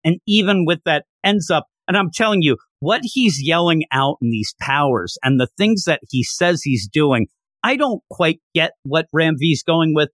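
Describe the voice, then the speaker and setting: A young adult man casually recapping a comic, chatty and excitable, laughing often. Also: on the high side, dry recording, studio quality. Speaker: comic book reviewer.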